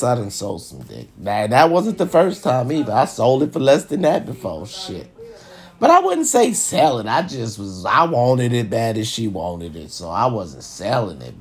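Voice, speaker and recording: A man hosting an hour-long live show, delivering a brash, profane, swaggering monologue that repeats phrases and swings between loud and hushed. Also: mid-range voice. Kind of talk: casual boastful monologue.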